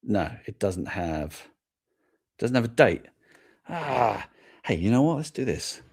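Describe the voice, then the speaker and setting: Brief: middle-aged English male host, low voice, casual rambling live chat, self-amused. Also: big pitch swings, slow pace, a little mellow, breathy edge. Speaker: toy podcast host.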